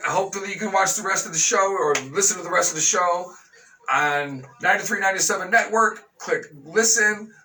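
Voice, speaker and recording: Man, radio host, high voice, outraged sarcastic rant, slightly off-mic. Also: bright, forceful tone, far from the mic, poor audio. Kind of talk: opinion talk radio monologue.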